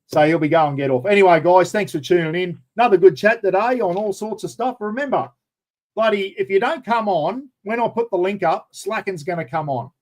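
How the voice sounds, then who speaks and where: A man's voice: high-pitched, fairly quick, low-quality recording. An Australian man hosting a casual live chat, rambling and chatty, calling everyone mate. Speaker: livestream host.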